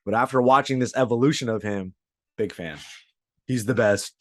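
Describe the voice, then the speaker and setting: A man's voice: medium pitch, normal speed, no echo, studio quality. Casual, profane man co-hosting a podcast. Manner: loose, profane, says dude a lot. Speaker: podcast co-host. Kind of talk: casual sports chat.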